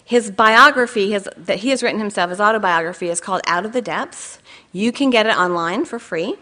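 A woman's voice: medium pitch, a little fast, pushed and bright. A middle-aged woman giving a sermon at a weekend church gathering. She tells stories about herself with humor and often asks her listeners direct questions. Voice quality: candid, self-mocking humor, asks the audience direct questions. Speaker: speaker at a weekend church conference. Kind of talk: sermon with personal storytelling.

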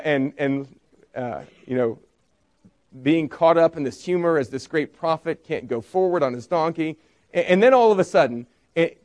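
In this sermon, a man who is a pastor tells a story, frequently tossing in a rhetorical "right?" and quickly performing the quoted speakers. He has a somewhat high, slightly mellow voice.

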